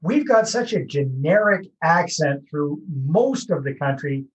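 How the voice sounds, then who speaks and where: A man's voice: on the high side, animated, a little slow, a little hiss or hum. Upbeat Canadian podcast host, man. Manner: upbeat, jokey, chatty. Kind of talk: casual interview chat.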